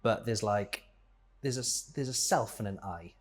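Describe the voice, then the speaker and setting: A man's voice: lowish voice, moderate pace. A man speaking as a podcast guest in a casual conversation, rambling and thinking aloud, often restarting and correcting himself.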